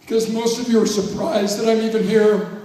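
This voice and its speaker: A high, mellow male voice in his fifties, caught from far off by the microphone as it echoes through a large hall. He speaks in a fairly even tone, emotional and reflective, with slow pauses and a few jokes. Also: slight background noise. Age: 50s. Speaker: alumnus giving a reunion speech. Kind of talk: heartfelt speech with jokes. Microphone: handheld microphone heard from far off.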